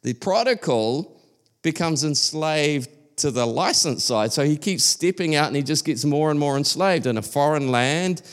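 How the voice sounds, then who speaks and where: A man's voice: on the high side, lively intonation, moderate pace. A man giving a sermon at a church service, talking casually with frequent restarts and emphatic repetition. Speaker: preacher.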